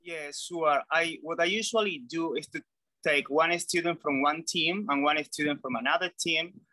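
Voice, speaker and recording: A man's voice: on the high side, moderate pace, pushed and bright, no room sound, rough recording. A man who teaches describes his classroom routine step by step. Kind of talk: sharing classroom experience in a discussion.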